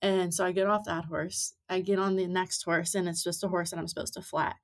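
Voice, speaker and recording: A young woman in her twenties with a fairly low voice tells long stories as a podcast guest. She talks casually and chattily, with many likes and ums along the way. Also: level tone, a little fast. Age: 20s. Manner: chatty storytelling with many fillers. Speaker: podcast guest, amateur rider. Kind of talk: casual interview chat.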